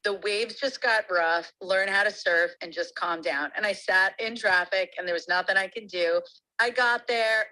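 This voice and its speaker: A woman telling a lively personal story as a guest on a call-in talk show. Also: medium pitch, rough recording. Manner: lively, animated storytelling with laughs. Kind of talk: casual storytelling.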